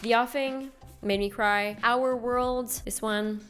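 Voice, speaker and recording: A woman's voice: a little high, fairly even intonation, slow pace, fairly bright tone. Chatty enthusiastic woman book vlogger. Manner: enthusiastic, rambling, with filler likes. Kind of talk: casual chat answering a book tag.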